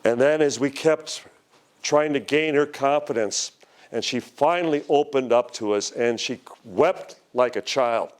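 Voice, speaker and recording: An older man giving a conference talk, telling a story slowly and dramatically, quoting the people in it. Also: mid-range voice. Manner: slow, dramatic storytelling with quoted voices. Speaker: speaker at a UFO conference. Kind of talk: storytelling lecture. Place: lecture hall.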